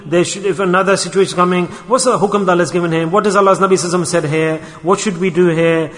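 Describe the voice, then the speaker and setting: Man, sermon, high voice, long hall reverb, rhetorical questions, arabic terms mixed in. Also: steady tone, very fast, a bit bright. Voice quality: mixes Arabic and Urdu religious terms into English. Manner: exhorting, with many rhetorical questions. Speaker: preacher.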